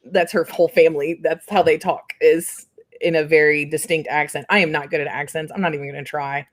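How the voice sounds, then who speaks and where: A woman's voice: deep voice, fairly even intonation, fairly quick. A woman from central Indiana hosting a casual chat, rambling and giggly, with plenty of filler words. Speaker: host.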